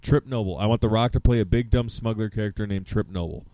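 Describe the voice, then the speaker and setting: Low, mellow male podcast co-host, excitable and profane, dry close sound. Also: quick pace, no room sound. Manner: excitable, swears freely, laughs often. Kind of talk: casual chat.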